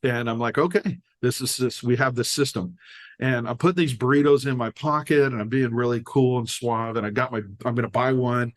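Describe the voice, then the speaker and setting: The older American man speaks briskly in a medium-pitched voice as a guest on a podcast. Casual and animated, he recounts personal stories and acts out what each person said.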